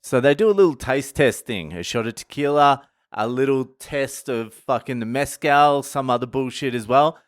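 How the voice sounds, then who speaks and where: A man's voice: mid-range voice, animated, moderate pace, few pauses, no room sound, clean studio sound. A young man, telling a crude, mocking story to camera with heavy swearing. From Australia. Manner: crude, sweary, mocking, laughs at his own jokes. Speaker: vlogger. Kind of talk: profane storytelling rant.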